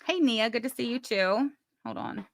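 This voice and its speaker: A woman's voice: fairly high pitch, expressive, normal speed, gravelly, no room sound. A woman hosting a casual live stream, chatting, reading messages aloud with mock drama and swearing freely.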